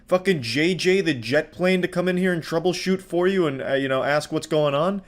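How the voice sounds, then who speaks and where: A young man giving sardonic reaction commentary in a deadpan way, swearing a lot. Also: fairly high pitch, normal speed, few pauses. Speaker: commentary YouTuber.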